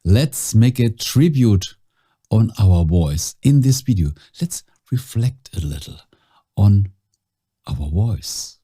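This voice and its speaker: A man, a voice-over coach, giving a slow, calm, reflective talk with dramatic pauses. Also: lowish voice, husky.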